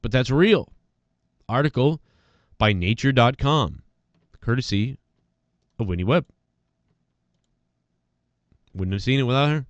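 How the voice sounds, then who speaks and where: A man's voice: mid-range voice, lively intonation, measured pace, pauses often, dry recording, lo-fi sound. Profane, rambling man ranting solo. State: congested from allergies. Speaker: podcast host. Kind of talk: casual solo rant.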